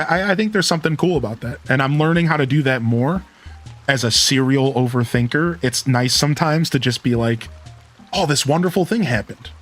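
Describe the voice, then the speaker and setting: A male streamer talks casually and reflectively, often stopping mid-phrase to restart. His voice sits a bit high for a man, with soft game music behind him. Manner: rambling, self-interrupting, reflective. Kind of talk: casual gameplay stream chat.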